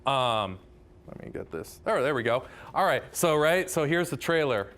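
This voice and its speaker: Chatty, excitable man giving a lecture. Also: medium pitch, normal speed. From Southern California. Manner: chatty, enthusiastic, self-deprecating, many "right?" asides. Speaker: math professor. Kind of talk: public lecture.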